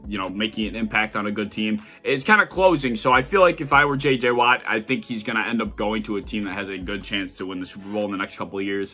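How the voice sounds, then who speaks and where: Fast-talking young man with a bright voice. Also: medium pitch. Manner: rapid-fire, animated, blunt with casual swearing. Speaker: sports video host. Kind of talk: casual football opinion vlog.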